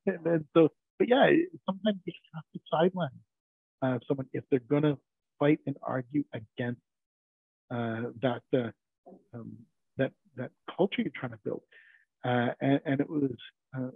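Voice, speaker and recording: Over a dry, narrowband remote connection resembling a phone line, a man with a slightly high, creaky, breathy voice tells workplace stories. He's an IT team leader and interview guest, casual and anecdotal, acting out quoted dialogue with frequent chuckles.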